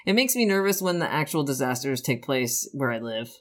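A woman's voice: extremely low pitch, big pitch swings, a little fast. A woman co-hosting a casual movie review podcast, chatty and enthusiastic, steering the conversation with questions and box office figures. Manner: chatty, enthusiastic, leads the segments. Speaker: podcast co-host.

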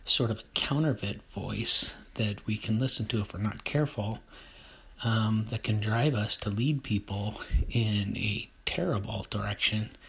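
A man reading a text on leadership aloud, then commenting on it in a hesitant, measured way. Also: lowish voice, gravelly, a bit bright, husky.

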